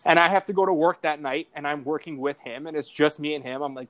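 A man's voice: on the high side, fairly even intonation, fast talker, fairly bright tone. A young adult man on a podcast, telling a story casually and rambling, with many fillers and quoted asides. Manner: rambling, lots of "like" and "I'm like" quotes. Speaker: guest, sports betting editor.

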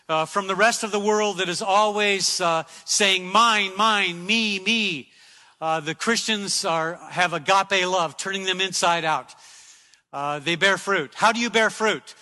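A man preaches a sermon in a high, very bright voice, hammering home repeated phrases. The sound carries a long hall reverb, as if from a church sanctuary.

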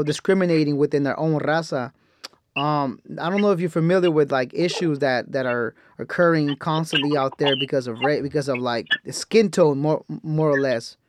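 A man hosting a podcast, relaxed and slangy, with hesitant fillers as he asks questions. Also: on the high side, no echo, studio quality. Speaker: podcast host. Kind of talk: casual interview chat.

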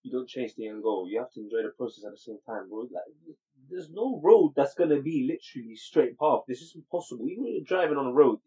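A man's voice: medium pitch, expressive, fast, warm tone, husky. A man, chatting as podcast co-host, slangy and motivational. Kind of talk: casual chat. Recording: dull lo-fi recording.

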